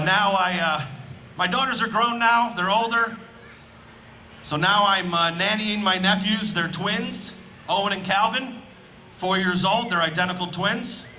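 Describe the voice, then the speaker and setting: An Indiana man performs stand-up for an outdoor festival crowd, shouting some punchlines into a handheld stage mic. His voice is high, bright and forceful, and he speaks loudly and animatedly. The audio is poor, with faint outdoor ambience and a slight hiss or hum behind him.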